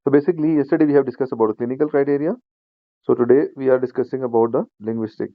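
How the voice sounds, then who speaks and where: A man teaching an online speaking-skills class, explaining each point slowly and repeating himself, with plenty of fillers like "you know". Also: mid-range voice, no echo, phone-quality sound. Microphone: shared screen video class.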